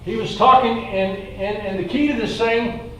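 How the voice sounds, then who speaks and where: Here a pastor preaches with a high, pushed, bright voice at a moderate pace. His sermon is casual and full of fillers, with scripture passages read aloud among his own thoughts. A far-off mic picks him up in a roomy, echoing space with faint noise.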